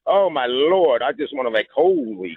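Excitable male caller on a tinny phone line. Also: mid-range voice, normal speed, breathy edge, no echo. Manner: excitable, gushing. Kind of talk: excited call-in chat.

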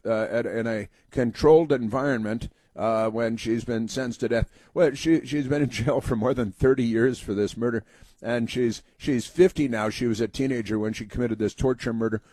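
A man's voice: mid-range voice, normal speed, mellow, dry recording. Sarcastic rambling male talk host. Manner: sarcastic, rambling, many fillers and restarts. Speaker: political commentary host. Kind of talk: talk radio monologue.

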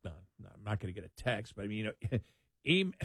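A man co-hosting a talk show, speaking in emphatic, animated commentary with frequent laughs. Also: lowish voice, quick pace, slightly rough, dry recording, clean studio sound. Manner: animated, emphatic, laughs while mocking opponents. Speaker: co-host.

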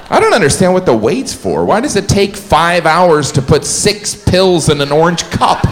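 A man's voice: fairly high pitch, big pitch swings, moderate pace, few pauses. A man doing a stand-up comedy set in a club, dry and self-mocking in his delivery. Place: comedy club stage with audience. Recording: live club with crowd noise.

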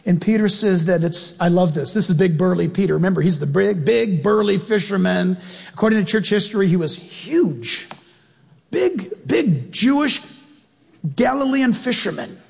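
A man preaching a sermon to his congregation, animated and playful, often firing questions straight at the listeners. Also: high voice, normal speed, vocal fry, husky, big-room sound. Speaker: pastor.

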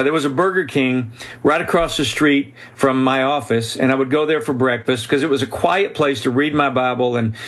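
A man telling a story as a guest in an interview, speaking earnestly and with animation, often restarting his sentences. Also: medium pitch. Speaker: author and guest.

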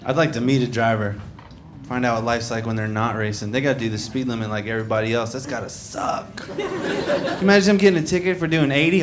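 A man's voice: mid-range voice, steady tone, quick pace, crowd noise. A man doing a stand-up comedy set on a club stage, telling stories in a dry, sardonic way. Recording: noisy live club recording.

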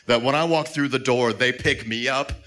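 Speaking in a mid-range voice at normal speed, a man works through a crude stand-up set on a comedy club stage with a handheld mic. He comes across brash, with sudden yelps now and then. Recorded live before an audience, the room noise is audible.

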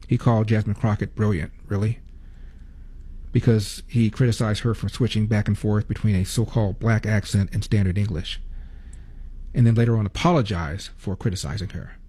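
A man's voice: fairly low pitch, warm tone, husky. An older man hosting a talk radio show, delivering a sarcastic monologue full of rhetorical questions.

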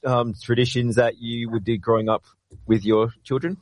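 A man co-hosting a radio interview, adding relaxed comments and questions. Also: mid-range voice, moderate pace, no echo. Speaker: radio co-host. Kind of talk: casual interview chat.

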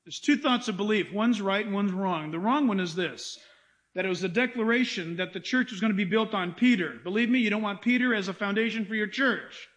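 High-pitched pastor guy preaching, lively, acts out little bits. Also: brisk. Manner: animated preaching with acted-out quotes. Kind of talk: sermon.

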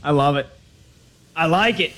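Man, sports radio host, chatty, playful, slightly high voice, faint music bed. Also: moderate pace, a bit bright.

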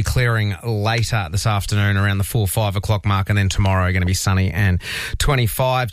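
An Australian man hosting breakfast radio, brisk and teasing, reading promos and bantering with his co-host. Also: medium pitch, dry recording, clean studio sound. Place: radio studio. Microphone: studio microphone.

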